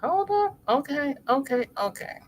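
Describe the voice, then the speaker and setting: A middle-aged woman hosting a crochet livestream, chatting casually with viewers and reading their comments aloud, chatty and expressive, with sudden exclamations. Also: high voice, unhurried, a little hiss or hum.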